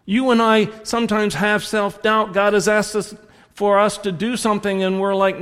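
Here a preacher with a Southern American accent uses a high, smooth, slightly bright voice with a flat delivery and moderate pace. He rambles through stories in his sermon, correcting and restarting himself, and the hall gives it a long reverb.

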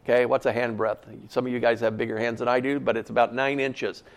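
A man's voice: medium pitch, level tone, fast. A man preaching a sermon in a folksy, conversational way, full of casual asides.

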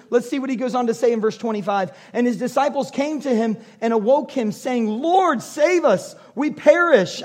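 This is an animated preacher who tells his story with acted-out voices and quick laughs. His voice sits high for a man. He delivers a sermon full of energy. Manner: animated storyteller, acts out dialogue, laughs often. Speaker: pastor.

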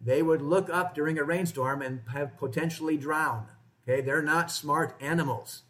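A man's voice: a little high, normal speed, fairly bright tone. A man preaching a sermon to a congregation in a church, in a conversational way, often asking his listeners questions. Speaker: pastor.

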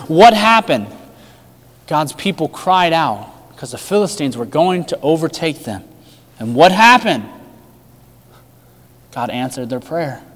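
A man preaching a sermon with emphatic rhetorical questions, his delivery swinging between loud and hushed. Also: fairly high pitch, long reverb tail. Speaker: pastor.

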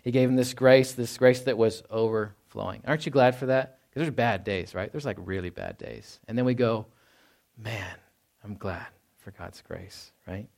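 A middle-aged man from Texas preaching a sermon in a conversational way, often asking "right?" and acting out quoted lines in a low, quiet voice. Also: a little fast, creaky, hardly any pauses. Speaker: pastor.

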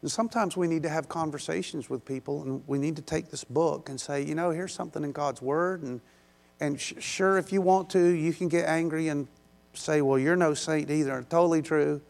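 Gravelly-voiced male pastor preaching. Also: on the high side, fairly even intonation, normal speed, a little mellow. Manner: conversational, self-deprecating, with many restarts. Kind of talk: sermon.

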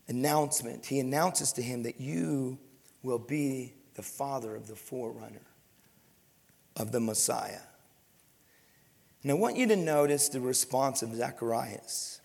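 A male pastor preaches with swelling, dropping emphasis, now and then acting out the people in the scripture. His voice sits high and carries a gravelly edge, and it rings out with the long reverb of a large hall. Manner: preaching, rising and falling emphasis, voicing scripture figures. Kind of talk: sermon.

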